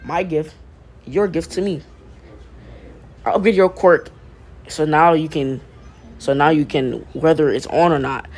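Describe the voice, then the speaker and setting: Dude doing a calm scheming older guy, coaxing, bit softer than his own voice. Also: a little high, measured pace, long pauses.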